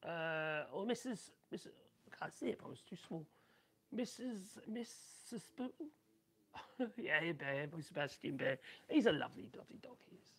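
A man with a Norfolk accent and a raspy, coarse voice, rambling casually on a live stream and reading out viewer comments. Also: on the high side, animated, moderate pace. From Norfolk, England. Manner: rambling and chatty, many ums and restarts. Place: home workshop.

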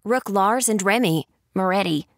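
A woman voicing a stern but fond young female proctor who speaks briskly and drily. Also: medium pitch, no room sound, studio quality, lightly acted.

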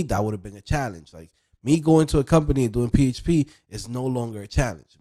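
A man's voice: mid-range voice, a little mellow. A young man hosting a casual vlog, talking to viewers in a rambling, conversational way full of fillers. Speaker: web developer and channel host.

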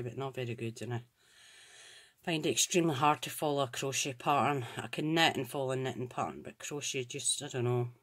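A Scottish woman hosting a crafts channel, chatting casually and gushing with admiration as she opens and looks over craft supplies. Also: a bass voice. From Scotland. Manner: gushing, admiring, thinks aloud. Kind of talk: casual unboxing chat.

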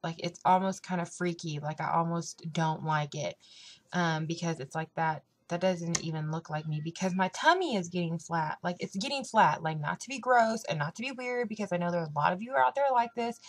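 A young woman talks straight to her camera in a loose, rambling way, scattering "like" and "um" through her sentences. Her voice sits a little low for a woman. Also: brisk. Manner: chatty, rambling, lots of "like" and "um". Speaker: vlogger. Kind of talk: casual weight-loss vlog chat.

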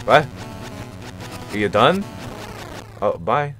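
A man's voice: mid-range voice, big pitch swings, extremely slow, a bit bright, soft background music. A man streaming a video game and commenting casually, with profane, self-mocking jokes.

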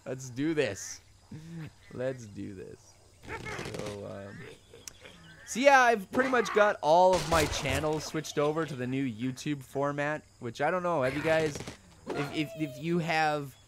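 A young man hosting a let's play video, rambling goofily and breaking into loud yells, recorded at home. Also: fairly high pitch, lively intonation, a little slow, noisy background. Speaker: gaming channel host. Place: home room.

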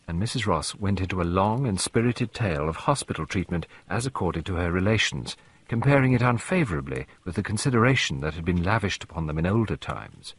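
A man reading a classic mystery audiobook in measured storytelling narration. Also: sits low, animated, slightly rough. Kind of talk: scripted narration.

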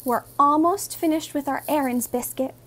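A woman, a teacher, reading a children's picture book aloud in a gentle, expressive, sing-song way. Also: sits high, normal speed.

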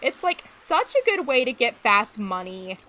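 Bright-voiced young woman streamer chatting. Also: on the high side, sing-song, a little slow, slight background noise. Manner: chatty, hums and makes little sounds to herself. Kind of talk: casual gameplay chatter.

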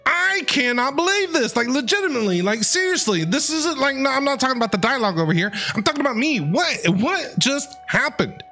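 A man streaming and reacting to a game, animated, incredulous and joking. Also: very high voice, a little fast, few pauses, faint music behind. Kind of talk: casual gameplay reaction commentary.

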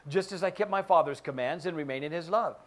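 A man's voice: a little high, fast talker. A male pastor giving a sermon in church, joking and acting out quoted voices. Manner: animated, jokey, acts out quoted voices. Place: church sanctuary.

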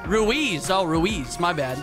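A man giving casual, excitable let's play commentary, swearing freely and talking to his viewers. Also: sits high, slow pace, music in the background. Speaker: gaming channel host.

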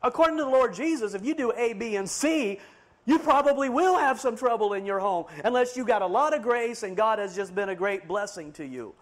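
A man with a high, ringing voice preaches a fiery sermon. He swings from loud, emphatic declarations down to hushed asides. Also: expressive, a little fast.

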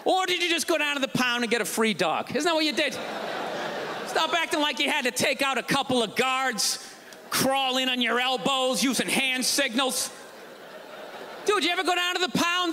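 A male stand-up comedian ranting sarcastically on stage before a live audience, often shouting his punchlines. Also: extremely high pitch, lively intonation, normal speed, a little hiss or hum. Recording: live show with crowd laughter. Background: audience laughter and ambience.

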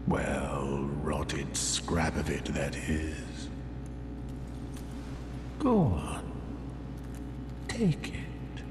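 Weary old knight, slow and grave; the game audio has a long, echoey reverb with noise. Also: male voice, a bass voice, huge pitch swings, full character voice. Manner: slow, solemn, murmured delivery.

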